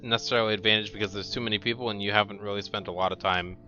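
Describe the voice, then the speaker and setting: A man narrating as game master of a tabletop game, relaxed and halting, with many fillers. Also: lowish voice. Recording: dull lo-fi mic with faint music.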